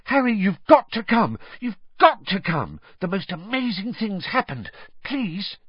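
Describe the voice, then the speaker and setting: A breathless, bossy teenage schoolgirl in a storybook reading, urgent and insistent, as a male narrator puts her on. The voice is lifted high and husky on a dull, dry recording. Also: sing-song, normal speed, dry recording, heavily acted.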